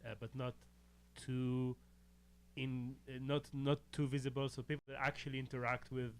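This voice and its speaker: Man, Israeli accent with a German edge, deadpan, dry humor, halting with fillers, mid pitch. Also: smooth. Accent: Israeli with German tinge. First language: Hebrew. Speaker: guest comedian. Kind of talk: casual talk show chat.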